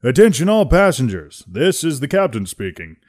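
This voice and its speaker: A man's voice: medium pitch, big pitch swings, moderate pace, voice pushed up. A man voicing an older starship captain making a formal announcement in a voice audition. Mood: announcing. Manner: announcing over ship intercom. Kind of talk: voice audition reading.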